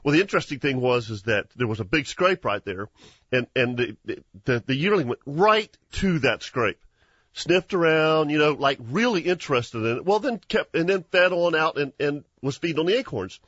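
A husky, slightly high-pitched man spins a lively hunting tale for his show. He laughs often and restarts his sentences. The sound is dry and a bit dull, like a lo-fi studio recording. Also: normal speed, no room sound. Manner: animated storyteller, laughs often, many restarts. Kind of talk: casual storytelling chat.

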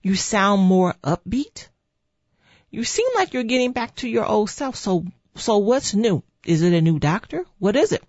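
A speaker retelling a caring sister's concerned, eager questions in a lo-fi recording. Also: female voice, mid-range voice, animated, measured pace, darkish tone, breathy edge, dry recording, voice pushed up. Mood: curious. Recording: dull lo-fi dry sound.

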